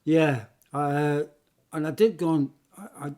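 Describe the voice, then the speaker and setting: A man's voice: a little high, slow, a little mellow. Older man telling rambling climbing stories. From England. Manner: rambling anecdotes with restarts and laughter. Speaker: interview guest, retired military mountain rescuer. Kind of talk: casual storytelling interview.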